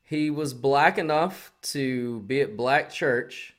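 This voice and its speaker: A man's voice: mid-range voice, slow, a bit bright. A man co-hosting a podcast, riffing sarcastically in crude casual banter. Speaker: podcast co-host.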